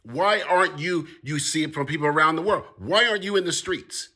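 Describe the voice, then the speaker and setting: A man with a fairly high voice speaks fairly quickly and with hardly any pauses as he delivers a passionate monologue to the camera. As a commentator, he pushes his case forcefully, repeating and escalating.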